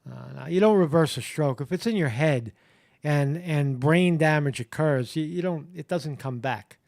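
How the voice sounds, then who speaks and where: A man hosting a live stream, reading headlines and commenting in a halting, blunt way, full of fillers and swearing. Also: a little high, gravelly, a little mellow, dry recording, studio quality. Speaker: live show host.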